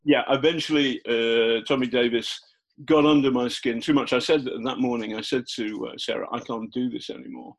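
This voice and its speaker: Halting older man telling a story. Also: medium pitch, poor audio. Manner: halting, many fillers and restarts. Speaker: guest journalist. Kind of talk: casual interview storytelling.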